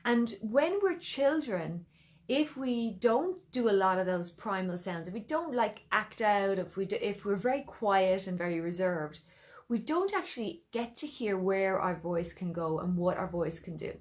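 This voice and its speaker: An Irish woman teaching a singing lesson, speaking slowly and unhurriedly. She leads learners through vocal warm-ups, demonstrating each sound and coaxing them to copy her. Her manner is encouraging and playful. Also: mid-range voice, animated. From Ireland.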